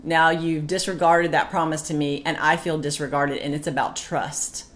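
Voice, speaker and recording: A woman's voice: sits low, moderate pace. A woman co-hosting a marriage talk, chatting casually and acting out her old arguments. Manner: animated, acts out her past outbursts. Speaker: co-host of a marriage talk show. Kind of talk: casual chat with reading aloud.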